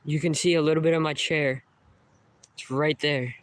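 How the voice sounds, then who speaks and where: A man's voice: fairly high pitch, fairly even intonation, normal speed. A young man vlogging a live stream outdoors in the woods by the water, talking casually, swearing a lot and startled by sounds.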